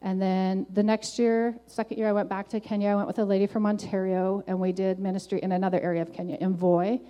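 Middle-aged woman, mellow tone, earnest chatty faith testimony, filler-heavy. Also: medium pitch, little pitch movement, quick pace, lo-fi sound. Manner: earnest, conversational, frequent "like" and "um". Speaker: testimony speaker.

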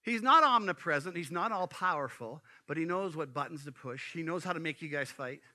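Bright-voiced storytelling male pastor. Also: fairly high pitch, brisk. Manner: animated storytelling with asides. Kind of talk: sermon.

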